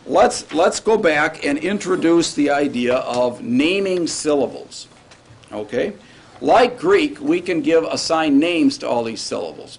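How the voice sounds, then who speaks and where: A man with a fairly high voice gives a Hebrew grammar lecture to a classroom of students, with a slight hiss or hum on the recording. His tone is casual, and he checks in often with "all right?" and "right?"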